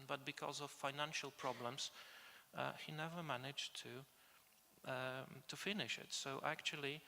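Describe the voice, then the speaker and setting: Hesitant gravelly man lecturing in a hall. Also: mid-range voice, bright, forceful tone. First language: Polish. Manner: hesitant, many filled pauses and restarts. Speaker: conference lecturer. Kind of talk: academic conference talk. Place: conference hall.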